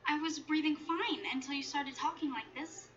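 A hurt teenage girl, high voice. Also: fairly even intonation, moderate pace, a bit bright. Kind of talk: sitcom acting. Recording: distant, muffled clip with faint noise.

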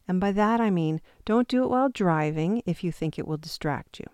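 A woman calmly and patiently leading a guided intuition exercise step by step, with the odd self-deprecating aside. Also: lowish voice, fairly quick, few pauses, smooth, no room sound. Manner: calm, patient step-by-step instructions. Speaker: intuition teacher.

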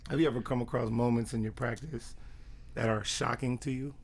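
A man asking hesitant, halting questions in a casual interview, a bit off the mic. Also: medium pitch, steady tone, creaky, slightly rough.

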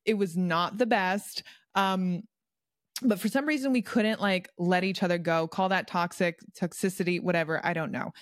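A woman's voice: fairly low pitch, moderate pace, no echo. Chatty woman coach, dry close sound. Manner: chatty, laughs often, many fillers. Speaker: guest, personal development coach. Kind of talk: casual interview conversation.

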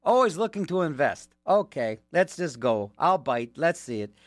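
A man's voice: on the high side, very animated, normal speed, dry recording. A man working as a radio DJ, chatting casually between songs with rambling, joking asides, from a studio mic.

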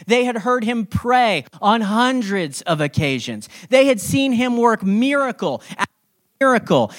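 A pastor delivering a sermon in an easy, talk-to-you manner, with jokes along the way. The voice sits at a middling pitch and hits words with sudden bursts of emphasis. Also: a bit bright. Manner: conversational and joking, with sudden emphatic stresses.

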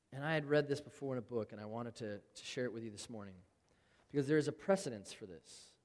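A man's voice: medium pitch, darkish tone, big-room sound. A man preaching a sermon in an earnest, conversational way, reading scripture aloud to his congregation. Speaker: pastor.

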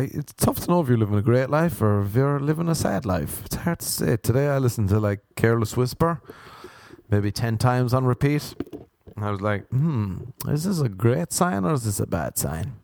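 A man's voice: medium pitch, normal speed, a little mellow, no echo. A young Irish man doing a rambling comic monologue, self-mocking and meandering, with sudden sung bits and silly voices. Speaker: comedian.

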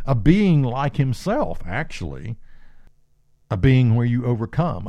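A man's voice: mid-range voice, warm tone, dry recording. A man preaching an earnest, emphatic sermon and reading scripture aloud.

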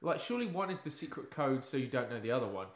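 A man in casual film talk whose pitch swings widely, rising whenever he finds something absurd. He laughs often and sounds openly incredulous. His voice bounces around an echoey room. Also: big pitch swings, fast. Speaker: podcast co-host.

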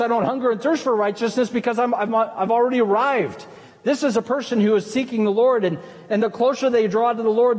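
Recorded in a church hall with a long reverb, this man preaches from the sanctuary in a high, slightly mellow voice. As pastor, he talks conversationally and questions the congregation.

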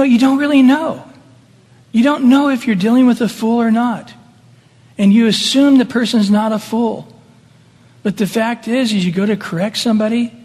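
High-voiced, husky preacher in a reverberant hall. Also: male voice, a little mellow. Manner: conversational, laughing asides, acts out quoted voices. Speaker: senior pastor. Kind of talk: sermon.

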